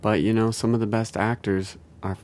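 A man's voice: on the low side, level tone, moderate pace, darkish tone. A man co-hosting a comedy podcast, chatting casually and cracking playful jokes. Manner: joking, playful asides. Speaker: podcast co-host.

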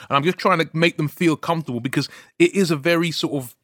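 A man co-hosting a podcast, telling a story in a casual, animated way. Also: a little high, fast talker, hardly any pauses, no room sound, studio quality. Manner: animated storyteller, frequent "you know what I mean". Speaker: podcast co-host.

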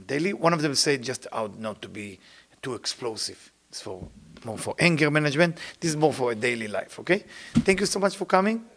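Gravelly, animated male spiritual teacher. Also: medium pitch. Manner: non-native English grammar, animated, swings between loud and hushed. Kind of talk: spiritual lecture.

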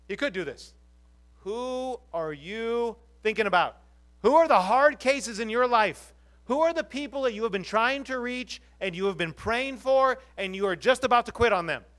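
A man with a high-pitched voice delivers a sermon from the pulpit of a church. As the pastor, he talks earnestly and leans on rhetorical questions to draw his congregation in. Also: fairly bright tone.

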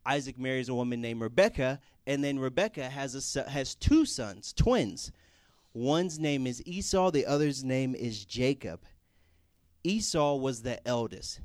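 A man's voice: medium pitch, animated, unhurried, a little mellow, dry recording. A young man preaching casually to a group, telling family stories and acting out the voices of the people in them. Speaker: youth pastor.

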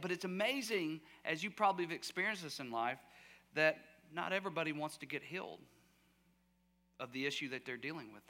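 A man preaching a sermon as pastor, telling the story with lively acted-out voices and shouted cries, sometimes dropping to a near-whisper. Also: on the high side. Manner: drops to a soft near-whisper at quiet moments. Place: church sanctuary.

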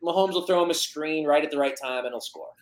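A man's voice: fairly high pitch, fast talker, crowd noise. A man co-hosting a sports podcast, reasoning through his picks in a loose, hedging way. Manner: thoughtful, hedging analysis with many "like"s. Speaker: podcast co-host. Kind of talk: casual sports betting chat.

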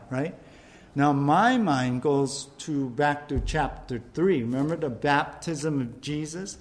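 Conversational preaching man, fairly high voice. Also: takes it slowly. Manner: repeats words, frequent "right?" asides. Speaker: pastor. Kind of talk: sermon.

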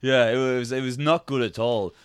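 A man's voice: mid-range voice, steady tone, normal speed, smooth, dry recording, studio quality. A man co-hosting a casual comedy podcast, rambling through a film recap and slipping into silly character voices. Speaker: podcast co-host.

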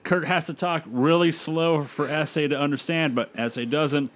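A man's voice: a little high, normal speed. A man casually recapping events play by play on a podcast, laughing along with his co-host.

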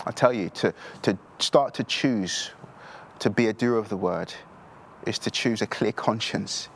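A male preacher with a lowish voice delivers an earnest sermon, circling back over his points and stumbling into repeated restarts. Faint noise sits under the recording.

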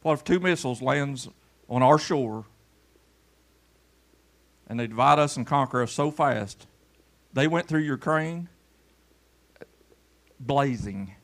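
A Kentucky pastor delivers a homespun church sermon, calling people to the front for a demonstration and moving between loud shouts and soft murmurs. His male voice has lively intonation, and he speaks slowly with long pauses.

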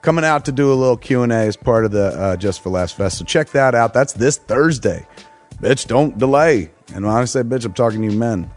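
A man's voice: medium pitch, lively intonation, brisk, soft background music. Crude joking man reading promos. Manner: loose, crude and joking, swaggering. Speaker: podcast host reading promos. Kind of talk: casual promo read.

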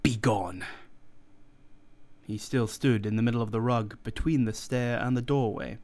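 Male narrator, audiobook reading, measured, deliberate, mid-pitched voice. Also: fairly even intonation, a little mellow.

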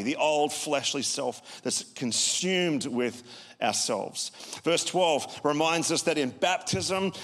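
A man's voice: medium pitch, a bit bright. Conversational male pastor, hall echo. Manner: conversational, talks with the congregation. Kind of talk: sermon. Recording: long hall reverb.

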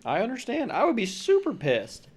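A man's voice: extremely high pitch, huge pitch swings, normal speed, breathy edge. A man co-hosting a podcast, joining in with laughs and profane banter. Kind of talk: casual chat.

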